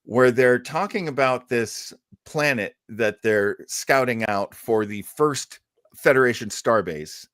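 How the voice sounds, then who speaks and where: A man's voice: mid-range voice, lively intonation, slow pace, fairly bright tone, no echo, studio quality. A man co-hosting a casual review show, rambling and stumbling over his words with fan enthusiasm. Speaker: podcast co-host.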